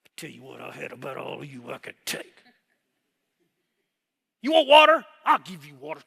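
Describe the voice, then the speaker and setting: An exasperated old prophet, as a preacher acts him out, yells in a high, sharp voice at a crowd that never listens. His shouting is bitter and worn out. Long reverb from a worship hall trails behind it. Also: wildly swooping pitch, fast talker, creaky, slightly rough, exaggerated voice. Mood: fed up.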